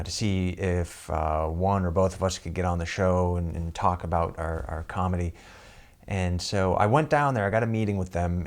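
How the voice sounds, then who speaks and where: A male comedian telling a story about himself. He speaks in a somewhat low voice, chuckles along the way and keeps the tone self-deprecating. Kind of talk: comic storytelling.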